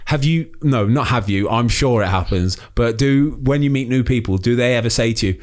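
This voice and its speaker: A man co-hosting a casual podcast, teasing his guests and asking loose, rambling questions. His voice is an everyday middle pitch with a friendly, joking edge. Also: fairly quick, hardly any pauses. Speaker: podcast co-host. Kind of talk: casual chat.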